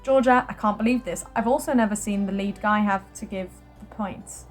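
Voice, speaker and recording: Faint music sits behind a young British vlogger who reads her own notes aloud at a moderate pace in a mid-range voice. She chats casually, gets excited easily, laughs often, and lets out surprised exclamations.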